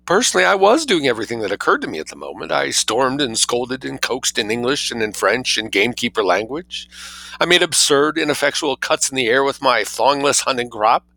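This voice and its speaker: A man reading a story aloud as audiobook narration, in an expressive, wry storytelling manner. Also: mid-range voice, a little fast, gravelly, poor audio. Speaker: reader.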